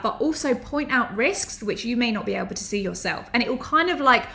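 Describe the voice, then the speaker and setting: A woman's voice: medium pitch, creaky, a bit bright. A woman, teaching to camera in a chatty, enthusiastic way with anecdotal asides. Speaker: online business educator.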